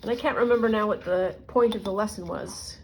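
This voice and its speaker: A woman's voice: mid-range voice, fairly quick, a little mellow, a little hiss or hum. Middle-aged woman chatting while crafting. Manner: rambling storyteller, muttering to herself while working. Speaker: junk journal crafter. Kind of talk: casual crafting vlog chat.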